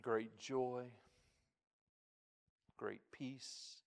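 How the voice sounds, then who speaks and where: A man preaching a sermon in a folksy way, dropping soft and then rising loud and emphatic, from a church pulpit. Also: medium pitch, steady tone, drawn-out words, gravelly. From United States. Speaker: pastor. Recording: long reverb in a large hall.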